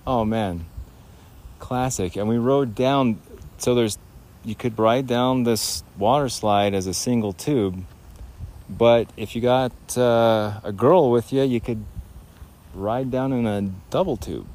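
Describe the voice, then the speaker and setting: A man's voice: medium pitch, slow pace, darkish tone. A man rambling through a nostalgic comic story in a podcast, correcting himself as he goes and breaking into laughter. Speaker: comedian host.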